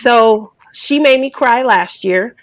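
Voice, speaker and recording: A woman's voice: a little high, takes it slowly, no echo, rough recording. A woman hosting a craft channel, telling stories in casual chat, emotional and tearful.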